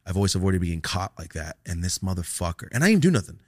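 A young man tells a profane story on a podcast and acts out the other people's lines. His voice sits low but swings widely in pitch. The sound is dry and close. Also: very animated, fast talker, no echo. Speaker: podcast host telling a story. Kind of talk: casual storytelling chat.

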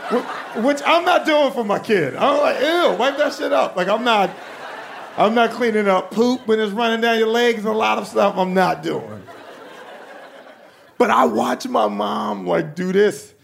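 A young adult man doing stand-up comedy, telling animated, profane stories. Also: sits high, a little slow, creaky, slight background noise.

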